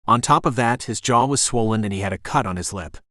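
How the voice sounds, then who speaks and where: Casting: male audiobook narrator, steady delivery, lowish voice, dry close sound. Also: brisk, no room sound. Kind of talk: scripted narration.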